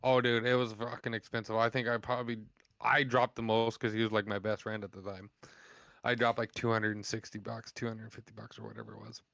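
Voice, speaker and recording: A man telling profane stories in a casual podcast chat, animated and blunt. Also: fairly low pitch, fairly quick, gravelly, no room sound. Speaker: podcast host.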